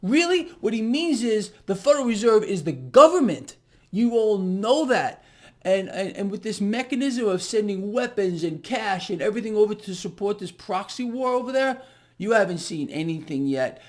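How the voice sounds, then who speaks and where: A man's voice: sits high, a little mellow. Sarcastic ranting male market commentator. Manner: ranting, sarcastic and profane, laughs in exasperation. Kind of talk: casual monologue to viewers.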